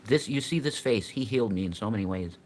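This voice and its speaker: This man talks in a playful, doting way on a casual live stream. His pitch moves a lot. A faint hiss sits behind him. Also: expressive, fast, a little mellow. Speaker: streamer in a played clip.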